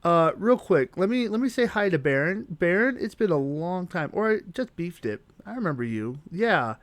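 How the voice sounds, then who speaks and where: Young guy streaming a game, kinda high voice, dry mic, muttering and reading chat. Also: very animated, normal speed, no echo. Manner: thinks aloud while playing and reading chat. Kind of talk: live gameplay commentary.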